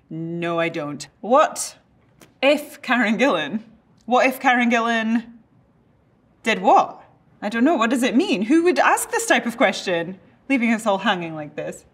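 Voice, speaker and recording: A woman's voice: medium pitch, fairly bright tone. A woman with a Scottish accent, an actor who reads questions aloud and answers them in a playful, chatty way. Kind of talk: casual interview.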